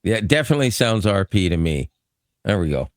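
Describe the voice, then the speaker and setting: A man co-hosting a podcast in casual chat, excitable and quick to laugh, often repeating words. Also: fairly low pitch, dry recording, clean studio sound. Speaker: podcast co-host.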